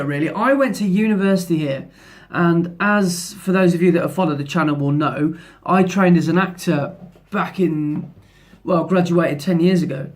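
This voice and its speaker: A man in his thirties with a fairly high voice chats to camera in a relaxed vlog. He sounds upbeat and a little rambling, often restarting his sentences, and he talks about his photography work while he is out and about. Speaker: photographer vlogger. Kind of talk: casual vlog talk to camera. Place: outdoors by the sea, then in town.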